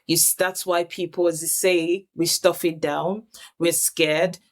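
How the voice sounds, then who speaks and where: A woman's voice: fairly low pitch, flat delivery, a little slow. A woman hosting a reflective faith conversation, talking earnestly and searching for her words with many restarts. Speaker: host.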